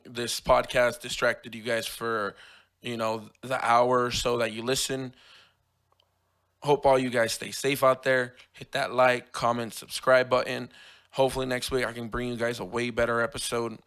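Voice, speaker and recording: A man hosting his own podcast in casual solo chat, his voice hoarse from losing it, rambling and correcting himself as he talks. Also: mid-range voice, little pitch movement, moderate pace, a bit bright. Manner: rambling, self-correcting, fan talk. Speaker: podcast host.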